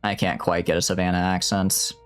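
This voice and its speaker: A man streaming a strategy game, chatting in an animated, rambling, self-mocking way. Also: sits low, brisk, clean tone, soft background music. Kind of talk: casual gameplay commentary.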